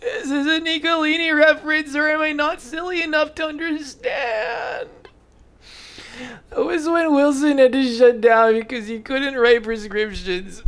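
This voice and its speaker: A vlogger reacting to memes in casual commentary, tired and talking with low-energy, flat mumbling delivery. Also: vocal fry, smooth.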